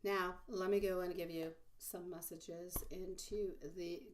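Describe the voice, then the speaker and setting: A woman with a husky, cold-roughened voice sitting a little low in pitch reads tarot live for her viewers. She talks softly and affectionately, calling them sweetie and my love. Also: flat delivery, measured pace, slight background noise. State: hoarse from a mild cold. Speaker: tarot reader. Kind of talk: live-stream tarot reading.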